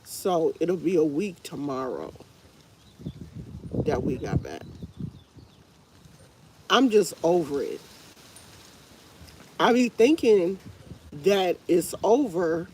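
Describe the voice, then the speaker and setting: Congested woman chatting slow on her live, tired and over it, faint hiss behind. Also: on the low side, big pitch swings, mellow. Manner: rambling, tired and fed up. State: congested, stuffy nose. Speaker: livestream host. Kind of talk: casual live chat with viewers.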